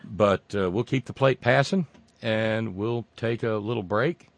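A man hosting a call-in radio show, rambling and joking with sudden loud outbursts. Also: lowish voice, a little slow, no echo. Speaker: radio talk show host. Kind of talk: casual call-in radio banter. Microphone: studio microphone.

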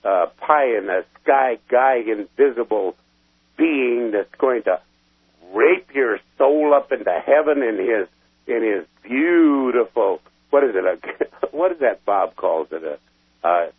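A man calling into a radio show as a military veteran, talking in a gruff, folksy, emphatic way, with a husky voice. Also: medium pitch, expressive, slow pace, dry recording. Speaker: call-in caller, military veteran. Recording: tinny dry phone line.

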